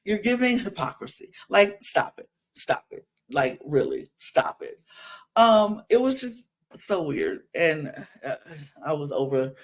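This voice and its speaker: A woman's voice: low-pitched, big pitch swings, measured pace. A woman hosting a podcast, talking casually in a sassy, exasperated way. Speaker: podcast host recapping a reality show. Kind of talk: casual chat.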